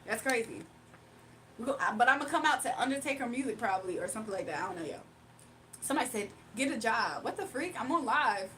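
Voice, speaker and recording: A woman's voice: on the high side, expressive, fast talker, a bit bright, slight background noise. A young woman from Virginia, hosting a livestream and reading out chat comments in a playful, sassy way with frequent laughs. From Virginia, United States. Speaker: livestream host.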